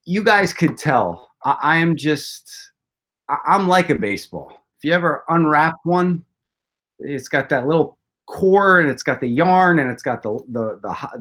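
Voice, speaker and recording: Chatty storytelling man, higher voice. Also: fairly bright tone. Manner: rambling storyteller with self-deprecating jokes. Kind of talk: casual chat.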